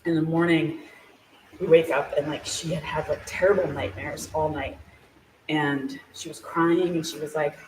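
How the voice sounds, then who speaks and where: Heard from afar in an echoey small shop during a live event, a guest shares a personal story in a mid-range voice with fairly even intonation and a moderate pace. The telling is chatty, packed with fillers like "like," and punctuated by frequent laughter, over slight background noise.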